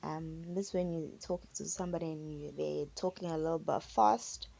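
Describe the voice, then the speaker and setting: Woman, language teacher, low pitch, gravelly, repeats phrases. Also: steady tone, dark tone. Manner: slow, patient, repeats phrases for learners. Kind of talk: relaxed spoken language lesson. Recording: dull lo-fi recording.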